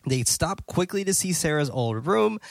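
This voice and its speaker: A man hosting a podcast, casually recapping a horror movie's plot with cursing, loose asides and quick impressions of characters. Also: a little high, very animated, vocal fry, dry recording, studio quality. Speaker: podcast host.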